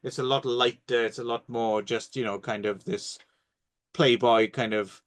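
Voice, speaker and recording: A man's voice: mid-range voice, fairly even intonation, normal speed. A British man co-hosting a podcast, reviewing a film in casual, wry chat and swearing freely. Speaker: podcast co-host.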